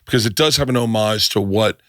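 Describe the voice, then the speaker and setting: A podcast host in casual chat, excitable and rambling, trailing off mid-thought. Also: male voice, fairly low pitch, brisk, no room sound, clean studio sound.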